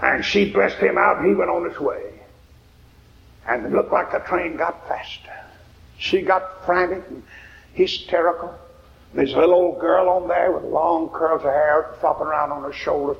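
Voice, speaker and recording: A male preacher telling a sermon story in a rhythmic, repeating way that builds to shouts. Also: fairly high pitch, vocal fry, dull audio. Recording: echoey hall reverb.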